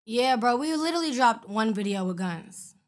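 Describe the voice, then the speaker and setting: A woman's voice: a little high, animated, moderate pace. A woman rapper, a guest in an interview, casually telling stories in a blunt, profane way and acting out the other people's lines. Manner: blunt, profane, retells exchanges with quoted voices.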